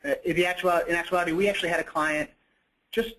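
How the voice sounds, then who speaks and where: A man's voice: sits high, quick pace, sharp tone, low-quality recording. Man giving a conversational webinar talk. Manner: conversational, frequent "you know" and self-corrections. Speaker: product presenter. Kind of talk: webinar presentation.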